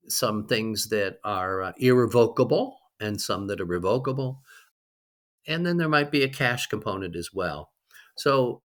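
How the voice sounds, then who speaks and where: A man's voice: medium pitch, a bit bright. A man in his sixties, a guest on an interview podcast, speaking reflectively with frequent ums. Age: 60s. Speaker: guest, fundraising leader.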